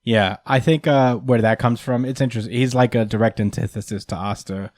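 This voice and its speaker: A man's voice: medium pitch, fairly even intonation, fairly quick, a little mellow, no echo. Rambling young man hosting a podcast. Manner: rambling, hedging with fillers. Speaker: podcast host. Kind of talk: casual chat.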